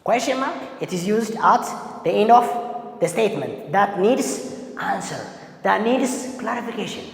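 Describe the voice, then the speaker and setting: Slow, gravelly male teacher in an echoey hall. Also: sits high, expressive. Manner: quizzes students and repeats key points. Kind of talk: classroom English lesson. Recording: echoey hall with long reverb.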